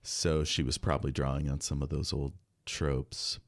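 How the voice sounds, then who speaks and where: A man's voice: very deep voice, little pitch movement, gravelly, no room sound, studio quality. A man hosting a podcast, chatting casually and joking often. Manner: joking, chatty, quick to laugh. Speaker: podcast host. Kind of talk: casual chat.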